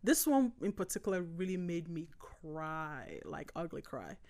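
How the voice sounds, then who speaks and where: A woman co-hosting a casual faith podcast, telling a story in an animated, emotional way and laughing often. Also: fairly low pitch, a little slow.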